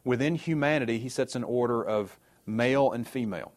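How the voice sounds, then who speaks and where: A man's voice: mid-range voice, fairly quick, darkish tone. A man teaching a sermon in a conversational way, often checking in with his listeners and adding sarcastic asides. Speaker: Bible teacher.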